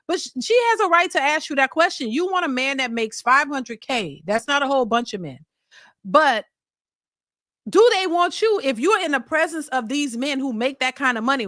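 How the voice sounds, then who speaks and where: Woman reaction host, high and bright, blunt and questioning, dry close sound. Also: dry recording. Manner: blunt, fires rhetorical questions. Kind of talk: casual commentary reacting to a clip.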